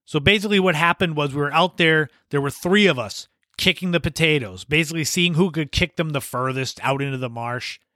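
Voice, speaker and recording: A man's voice: fairly high pitch, pushed and bright, no room sound, studio quality. A man hosting a podcast, telling casual anecdotes and laughing as he goes. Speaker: podcast host. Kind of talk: casual storytelling monologue.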